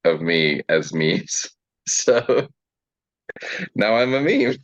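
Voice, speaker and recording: A young South African actor chatting casually in an interview, relaxed and quick to laugh, with filler words. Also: male voice, low-pitched. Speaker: actor guest. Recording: dull lo-fi sound.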